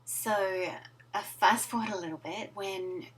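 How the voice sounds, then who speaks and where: A woman coach telling a personal story to camera from her home office, in a soft, reflective voice that often sinks to a breathy near-whisper. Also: mid-range voice, measured pace, recorded from a distance, poor audio. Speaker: life coach.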